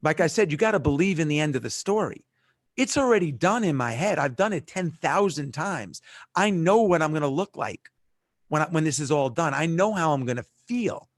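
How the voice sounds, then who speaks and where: A middle-aged man, a podcast guest, telling stories in an emphatic, punchy way with quick restarts. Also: fairly high pitch, expressive, no echo, clean studio sound. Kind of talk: animated storytelling in conversation. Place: remote call.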